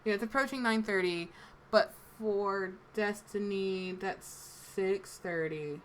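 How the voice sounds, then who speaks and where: An American woman from the East Coast chats casually on a live stream, wandering between tips and asides with plenty of "um" and "like." Her voice sits at an ordinary pitch. A faint layer of background noise runs underneath. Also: slow pace. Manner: chatty, meandering, gives advice with many fillers. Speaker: voice actor and stream host.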